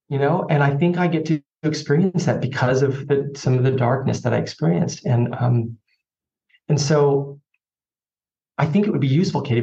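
A man speaks as a podcast guest, his voice mellow and gravelly. He tells his story in an earnest, reflective way and often restarts his phrases. The audio is slightly dull and lo-fi. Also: on the high side. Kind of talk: personal storytelling in conversation.

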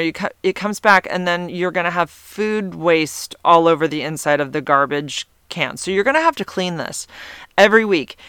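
A man talks through a casual vlog monologue in a rambling, exasperated way, piling up asides as he goes. His voice sits a bit high and sounds bright and crisp. The sound is close and dry. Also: dry recording. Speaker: vlogger.

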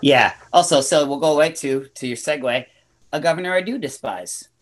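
A man's voice: fairly high pitch, moderate pace, poor audio. A man with a Western New York accent, a podcast guest giving blunt opinions with many restarts. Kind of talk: casual podcast discussion.

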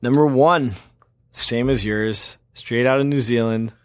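A man's voice: mid-range voice, measured pace. A man co-hosting a podcast, chatting casually and enthusiastically, often laughing. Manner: enthusiastic, says dude a lot, laughs often. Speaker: podcast co-host. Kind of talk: casual chat.

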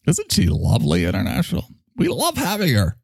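A man putting on a high falsetto voice as a gushing, sing-song show hostess. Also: wildly swooping pitch, fairly quick, vocal fry, husky, dry recording, studio quality, full character voice.

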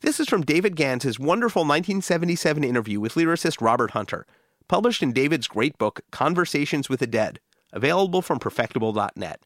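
A man hosting a music history podcast, reading scripted documentary narration in a measured, informative way. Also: a little high, lively intonation, dry recording.

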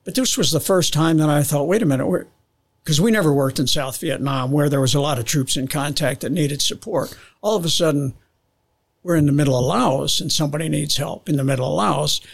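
This older man talks in a slightly high voice, narrating his memories with lots of restarts. He slips into the voices of people on the radio as he tells them. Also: a little fast, vocal fry. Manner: animated storyteller, acts out radio calls, frequent restarts. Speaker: guest, veteran pilot. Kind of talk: casual storytelling interview.

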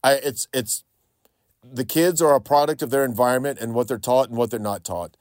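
A man's voice: lowish voice, darkish tone, no room sound, clean studio sound. A man from North Carolina hosting a talk radio show, speaking in a conversational, opinionated way with frequent repeats and restarts. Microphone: studio microphone.

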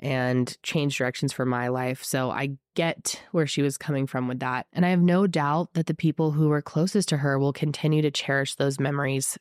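A woman's voice: low-pitched, clear, resonant tone, dry recording, clean studio sound. A young woman with a cold, hosting a true crime show in a scratchy, congested voice, telling the story with emphatic, indignant asides.

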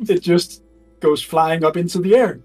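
A man narrating as game master of a tabletop game, animated and laughing often, halting with fillers. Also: fairly high pitch, soft background music, low-quality recording.

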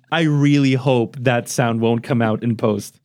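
A man's voice: medium pitch, noisy background. Rambling Romanian man on a podcast. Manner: rambling, self-deprecating, swears freely. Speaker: podcast host. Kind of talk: casual podcast chat. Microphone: podcast microphone.

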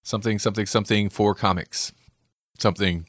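Low-voiced rambling podcast host. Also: male voice, steady tone, fairly quick, no echo, studio quality. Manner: rambling, with lots of "like" and self-deprecating laughs. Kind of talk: casual chat.

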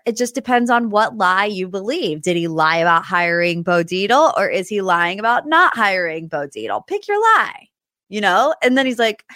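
Female podcast host, mid-range voice, chatty and lively, dry booth sound. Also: medium pitch, no room sound. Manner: chatty, animated, does impressions of cast members. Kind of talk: casual recap monologue.

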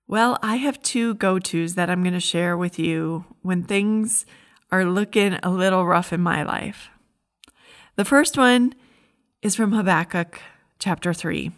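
A woman's voice: on the low side, unhurried. A middle-aged woman giving a heartfelt, earnest devotional message as a Christian speaker.

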